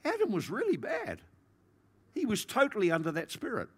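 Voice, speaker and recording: A man preaching a sermon, acting out the people he describes and swinging between loud and soft. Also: normal speed, slightly rough. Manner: animated, acts out quoted voices, big swings in pitch and loudness. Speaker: pastor.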